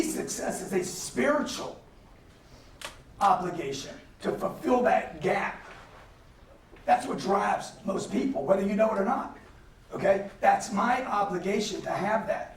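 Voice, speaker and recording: A man's voice: high voice, slight background noise. A man giving a motivational business lecture to an audience, emphatic and punchy, with laughter from the crowd. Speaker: guest speaker. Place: lecture hall. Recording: roomy hall, mic at a distance, faint ambience.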